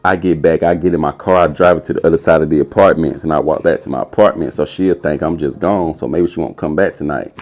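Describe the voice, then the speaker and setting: A young man telling a casual, animated story as a podcast host, putting on a high voice for quotes. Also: fast, few pauses.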